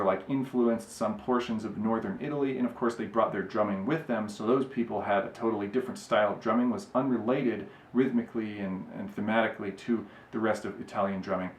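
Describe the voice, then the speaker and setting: A man explaining drumming history in a relaxed, rambling way, with frequent fillers and asides. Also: on the low side, a little hiss or hum. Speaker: drumming educator. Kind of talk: casual explanatory lecture. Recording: echoey room.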